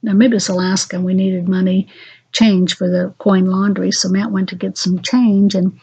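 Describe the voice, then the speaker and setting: An older woman recounting family memories into a home recorder, speaking haltingly with frequent pauses and fillers. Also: medium pitch, level tone, mellow, breathy edge. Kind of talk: unscripted personal memoir. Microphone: handheld voice recorder. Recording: dull lo-fi home recorder audio.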